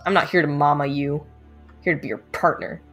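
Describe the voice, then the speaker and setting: A woman's voice: low-pitched, steady tone, fairly quick, soft background music. Giggly woman streamer reacting. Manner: playful, giggly, reacting aloud. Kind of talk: let's play commentary.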